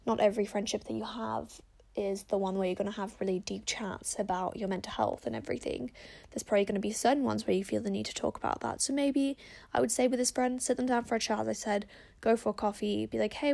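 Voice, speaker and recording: A woman's voice: medium pitch, gravelly, a little mellow. A woman hosting a casual advice podcast, chatting in a rambling way with lots of fillers. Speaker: podcast host.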